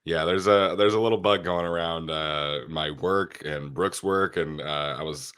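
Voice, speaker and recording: Sick male podcast host: deep, stuffy and nasal, easygoing, lots of ums. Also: measured pace, clean tone. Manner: relaxed, with frequent fillers. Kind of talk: casual sports podcast chat.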